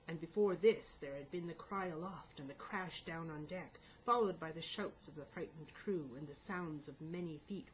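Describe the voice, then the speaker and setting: A woman's voice: low voice, darkish tone, husky, muffled recording. A woman reading a novel aloud as an amateur audiobook, with small stumbles and restarts. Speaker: audiobook reader.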